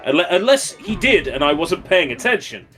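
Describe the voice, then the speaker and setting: A man's voice: high-pitched, sing-song, moderate pace, pushed and bright, faint music behind. A man co-commentating a livestreamed game race, rambling casually and riffing jokes. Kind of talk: casual chat.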